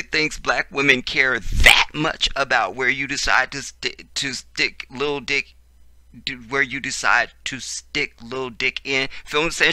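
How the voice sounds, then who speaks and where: A man reading out news commentary and reacting to it, animated and profane, swinging between low mutters and loud outbursts. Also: a little slow, dry recording.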